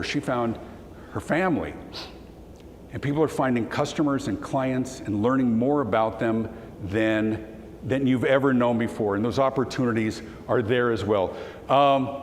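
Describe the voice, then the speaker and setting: A man delivers a keynote talk, telling his story with animated, acted-out dialogue and a voice that breaks with emotion. His mid-pitched voice rings in a large hall with a long reverb tail. A faint background hum sits under the talk. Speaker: keynote speaker. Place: conference hall.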